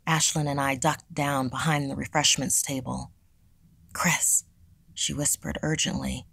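A woman narrating a scripted horror story in a hushed, dramatic reading. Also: deep voice, gravelly, breathy edge, dry recording. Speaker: podcast storyteller.

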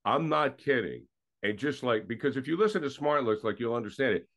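A man's voice: mid-range voice, lively intonation, fairly quick, a bit bright. A man co-hosting a sports podcast in casual, enthusiastic chat that sometimes trails off mid-thought. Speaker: podcast co-host.

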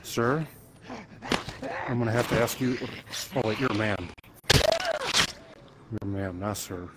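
A man's voice: mid-range voice, moderate pace, very noisy. A man playing a zombie game, chatting playfully to himself and to the enemies as he goes. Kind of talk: let's play commentary.

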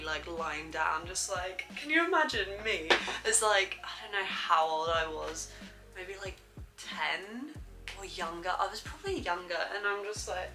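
Young woman, vlogger, chatty storytelling, bright tone, faint music underneath. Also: mid-range voice, low-quality recording. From England. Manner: chatty, says "like" a lot. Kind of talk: casual storytelling to camera.

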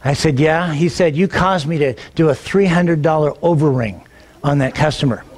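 A middle-aged man, a pastor, telling a personal story in a sermon, animated and acting out the dialogue, often repeating words as he gets going. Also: fairly high pitch, moderate pace. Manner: animated, acts out quoted dialogue, repeats words when excited.

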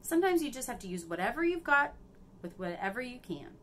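A stern older woman who guides a young apprentice in magic, brisk and firm as she lays down the rules, as a woman reads her out from a storybook. Her voice rises and falls in a lively way as she lectures. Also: on the high side, a little hiss or hum, pitched above the performer's own voice.

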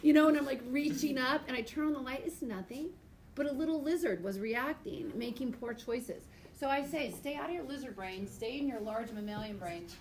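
A fairly high-pitched woman lectures a biology class in a lively, chatty way. She acts out voices in her stories and laughs often. The screencast recording carries a faint hiss of background noise. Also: moderate pace, echoey room. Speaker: biology teacher. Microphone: tablet screencast mic.

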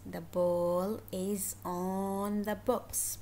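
Slow, clear-speaking woman teacher. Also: medium pitch, a little hiss or hum. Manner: encouraging, repeats words slowly and clearly. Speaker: first-grade English teacher. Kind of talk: slow, simple lesson for young children.

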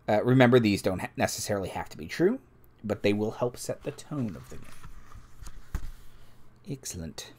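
A man's voice: lowish voice, darkish tone. A man hosting a live stream, reading tabletop game rules aloud and adding casual asides to the chat. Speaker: game master and stream host.

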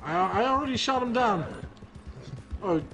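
A man's voice: extremely high pitch, animated, normal speed, over music. A man laughing and swearing while playing a game with friends. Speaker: guest player. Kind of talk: casual gaming chat.

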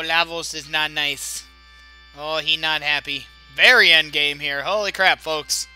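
A man's voice: fairly high pitch, pushed and bright. A young man hosting a let's play, giving joking, chatty commentary on a video game.

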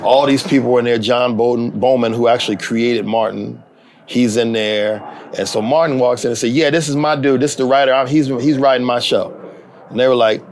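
A man's voice: mid-range voice, fairly quick. A middle-aged man, a TV writer and actor, telling a story in a casual interview, acting out the people he quotes. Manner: animated, acts out quoted voices.

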